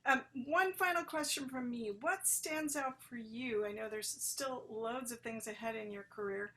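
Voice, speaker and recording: A woman's voice: fairly high pitch, moderate pace, a bit bright. A woman hosting a webcast interview over a video call, gracious and hesitant with fillers. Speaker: host, interviewer.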